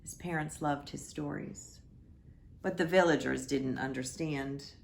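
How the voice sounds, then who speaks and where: Slow gravelly woman reading a picture book. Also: sits low, slight background noise. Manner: gentle, pauses to point at pictures. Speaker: story time reader. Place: church.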